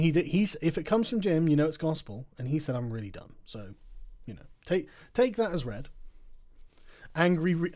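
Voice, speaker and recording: A man's voice: fairly high pitch, darkish tone. A man hosting a late-night livestream, tired, reading out chat messages, laughing often and swearing in a mocking tone. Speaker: livestream host. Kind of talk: casual livestream chat reading super chats.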